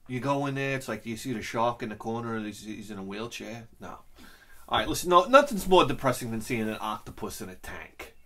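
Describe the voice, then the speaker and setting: A man's voice: mid-range voice, expressive, fairly quick, bright, forceful tone. A man talking casually on camera, rambling from one joke to the next with a loose, off-the-cuff delivery. He swears freely and sounds like he is chatting with his viewers. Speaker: channel host. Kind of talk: casual comedic rant.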